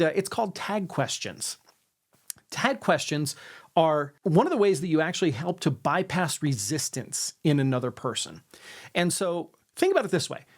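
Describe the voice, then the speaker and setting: A man teaching sales influence techniques to camera, who often tags his sentences with "right?" and ends them on a falling note. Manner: demonstrates intonation, ends sentences on a lower note. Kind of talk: instructional talk to camera.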